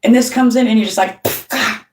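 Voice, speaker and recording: Quick and warm, with a fairly high pitch and fairly even intonation, the middle-aged host tells a blunt story to camera, swearing often and quoting people. It's a casual monologue, her voice far from the mic in a roomy room.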